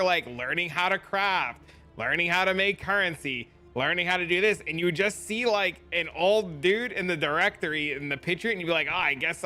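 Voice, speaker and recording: A young man chatting casually on a game stream, telling stories with a lot of energy and swearing offhandedly. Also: high-pitched. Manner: animated storytelling, laughs often, swears casually.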